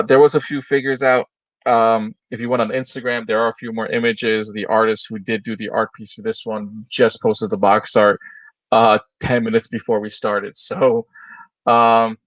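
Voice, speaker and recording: A man's voice: lowish voice, steady tone, normal speed, a bit bright, no echo, poor audio. Chatty man on a dry mic. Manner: chatty, enthusiastic, loose and rambling. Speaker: co-host of a toy news livestream. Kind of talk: casual chat.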